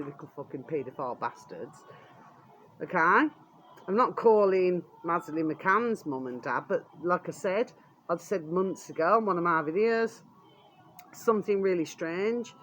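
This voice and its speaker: A woman's voice: medium pitch, animated, unhurried, fairly bright tone, slight background noise. British woman vlogging, angry rant, swears every other line, coarse and blunt. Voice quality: swears constantly, repeats "there we are" as a filler. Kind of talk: angry ranting vlog.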